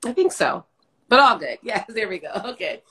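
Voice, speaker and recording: Middle-aged woman, livestream host, bright and forceful tone, gushing and laughing through casual chat. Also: medium pitch, sing-song, normal speed. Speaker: livestream host, former dancer.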